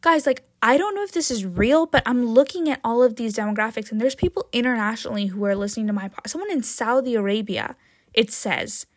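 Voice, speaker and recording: A woman hosting her own podcast in a casual, jokey chat, often tagging "right?" and "um", with sudden excited jumps in pitch and loudness. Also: fairly quick, no echo, studio quality. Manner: chatty and jokey, with frequent "right?" and "um". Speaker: podcast host.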